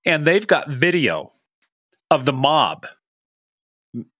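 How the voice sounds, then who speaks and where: A man hosting a podcast, chatting casually and joking, with quick laughs. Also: a little high, sing-song, sharp tone, no echo, clean studio sound. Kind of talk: casual chat.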